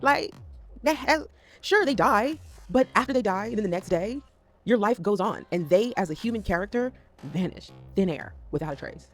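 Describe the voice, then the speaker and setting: A woman's voice: medium pitch, lively intonation, moderate pace, soft background music. A woman talking casually to camera as a vlogger, rambling and swearing as she jumps between topics.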